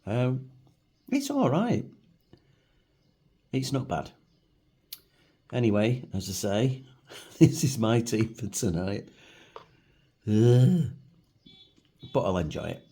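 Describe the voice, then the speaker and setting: A middle-aged food vlogger with Manchester English talks at a measured pace, pausing often, in a fairly low, dark and husky voice. Seated at a table at home, he reviews food in a casual, rambling, self-deprecating chat.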